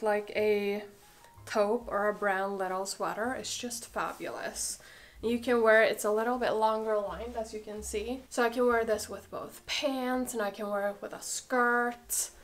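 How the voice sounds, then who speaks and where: A young woman with a cold, chatting casually and gushing through a clothing try-on, full of "like" and "oh my god". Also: medium pitch. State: has a cold, a bit out of breath. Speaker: fashion vlogger.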